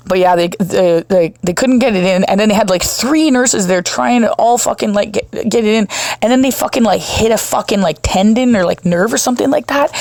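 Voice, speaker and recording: A woman talks straight into a home podcast mic, her breath audible between phrases. Her voice has a gravelly, creaky edge, and the sound is dry, with no room echo. She rambles loosely, swears at nearly every turn and breaks into laughter. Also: mid-range voice, darkish tone. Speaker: podcast host. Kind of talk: casual confessional monologue.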